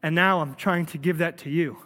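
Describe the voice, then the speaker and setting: A man's voice: fairly high pitch, fairly even intonation, a little fast, sharp tone. A male pastor delivering a sermon in an earnest, emphatic preaching manner. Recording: long reverb of a large hall.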